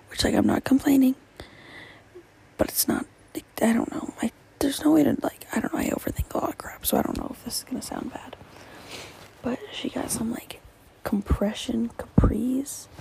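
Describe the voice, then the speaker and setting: Gravelly teen girl rambling softly. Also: on the high side, poor audio. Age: teens. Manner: rambling, many fillers, often dropping to a whisper. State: tearful. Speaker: podcast host. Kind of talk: solo podcast chat.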